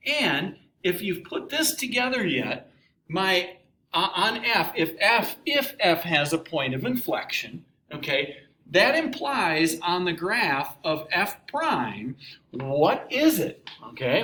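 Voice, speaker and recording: Animated man lecturing in an echoey room. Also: high-pitched. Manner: animated, asks questions and answers them, playful asides. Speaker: math teacher. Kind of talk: recorded classroom lecture. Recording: echoey room with faint ambient noise.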